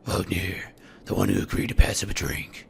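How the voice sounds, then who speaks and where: A man doing a gravelly, whispery giant growl. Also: deep voice, monotone, normal speed, pitched below the performer's own voice. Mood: brooding. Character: gruff male horned giant in a Batman growl.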